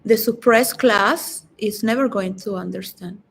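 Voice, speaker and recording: A woman's voice: medium pitch, a little slow, creaky, slightly rough, rough recording. A woman giving a reflective, philosophical solo monologue that rambles and halts, with frequent restarts. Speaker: vlogger.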